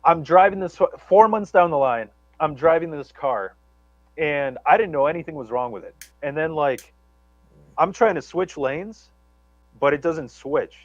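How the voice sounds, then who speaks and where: A man's voice: on the high side, animated, moderate pace, dry recording, muffled recording. Rambling, profane man telling a story. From Chicago area. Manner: rambling, profane, many restarts and stammers. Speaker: guest storyteller. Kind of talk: casual storytelling on a live show.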